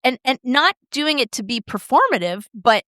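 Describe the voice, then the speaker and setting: A middle-aged woman co-hosting a podcast, chatting casually and expressively with quick shifts in tone. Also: sits high, very animated, bright, forceful tone, dry recording, clean studio sound. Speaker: podcast co-host. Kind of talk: casual chat.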